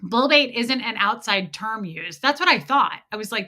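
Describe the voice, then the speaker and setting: Her voice is fairly high, animated, bright and forceful, moving at a moderate pace. She hosts a casual livestream on a home streaming mic, mocking and sarcastic, swearing freely and welcoming viewers by name.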